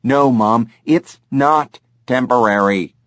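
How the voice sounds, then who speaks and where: A man's voice: medium pitch, slow pace, fairly bright tone, dry recording. A man reading an audiobook, voicing a worried adult son who speaks earnestly and firmly to his mother. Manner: earnest, pleading.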